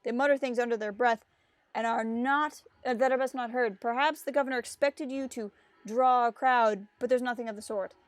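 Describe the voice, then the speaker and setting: A woman's voice: a little high, fairly even intonation, moderate pace, no echo. A woman on a casual gameplay stream, reading the story text aloud and slipping into playful voices for the characters between chatty asides. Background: faint game music.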